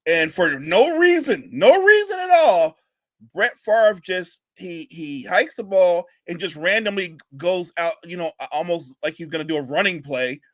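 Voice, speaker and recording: Emphatic sports podcast co-host man, bright. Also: sits high, animated, unhurried, dry recording. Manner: emphatic, opinionated storytelling. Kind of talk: casual sports talk.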